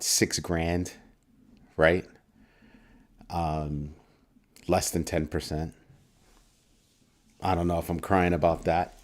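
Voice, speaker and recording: A man's voice: deep voice, darkish tone. A man hosting a casual crypto livestream, greeting viewers in chat by name and teasing them playfully. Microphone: desk microphone.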